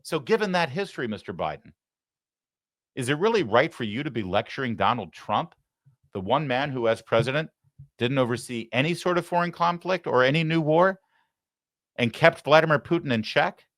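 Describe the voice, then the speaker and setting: A man hosting a political commentary show, heated and sarcastic, swinging from loud outbursts to low muttering. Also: expressive, brisk, dry recording, studio quality. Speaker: host.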